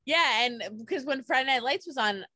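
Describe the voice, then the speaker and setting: Bright, fast-talking woman podcast host. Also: high-pitched, animated, dry recording, studio quality. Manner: enthusiastic, gushing, swears casually. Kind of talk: casual podcast chat.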